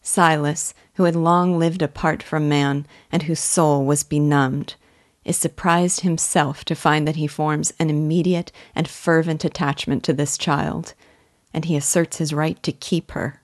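Low, dry-voiced woman narrator for a measured literature lesson. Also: fairly even intonation, no echo. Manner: earnest, admiring, measured reading. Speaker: literature guide. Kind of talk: scripted literary commentary.

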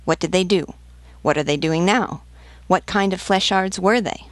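A woman's voice: on the low side, moderate pace, no room sound, voice pushed up, natural voice. A woman voicing a blunt male army sergeant who fires brusque questions. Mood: pressing.

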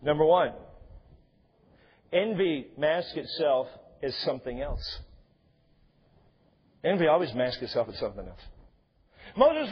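Man, pastor, sermon, slightly high voice, conversational with jokes, dull lo-fi church recording. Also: breathy edge. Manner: conversational preaching with joking asides. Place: church sanctuary.

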